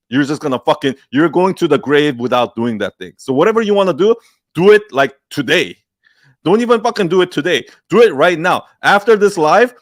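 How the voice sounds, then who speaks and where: A man with a fairly high voice speaks straight into a close, dry mic. He hosts a live Q&A and lectures bluntly, swearing freely, and he mimics people's excuses in whiny little voices. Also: dry recording. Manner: blunt, profane, heated, mocks excuses in put-on whiny quotes. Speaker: host of a live Q&A. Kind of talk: unscripted livestream pep talk.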